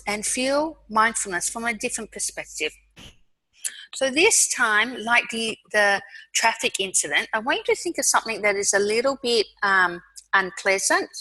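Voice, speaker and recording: Calm Australian woman guiding mindfulness. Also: medium pitch, no room sound, poor audio. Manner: calm, slow guiding with soft pauses. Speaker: mindfulness speaker. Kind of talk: guided mindfulness talk.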